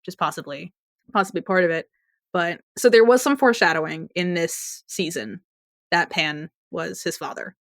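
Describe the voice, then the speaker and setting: Podcast co-host, woman, lower pitch, chatty and rambling, dry close sound. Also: normal speed, a bit bright, dry recording. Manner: chatty, rambling with restarts and laughs. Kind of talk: casual TV recap chat.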